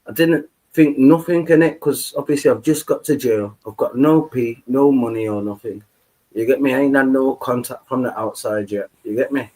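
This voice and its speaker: A man telling a rambling story in casual podcast chat. His voice sits at a middle pitch. He keeps breaking in with "you get me?" as he goes. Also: normal speed, warm tone. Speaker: podcast host.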